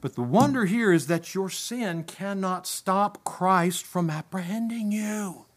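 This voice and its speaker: Man, preacher, high voice, impassioned sermon, emphatic rises and low drops. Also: lively intonation, slow pace. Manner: impassioned, rising to emphatic peaks and dropping low.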